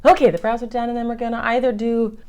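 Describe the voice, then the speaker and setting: A woman's voice: fairly high pitch, level tone, quick pace, dark tone, smooth. A woman chatting through her makeup routine in a casual tutorial, playful and affectionate, calling viewers darlings. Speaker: makeup vlogger.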